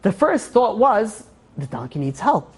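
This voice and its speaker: A woman's voice: mid-range voice, a little slow, slightly rough. A woman telling a moral story in a casual way during a class, acting out the characters' lines as she goes. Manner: animated retelling, acting out quoted lines with "he's like".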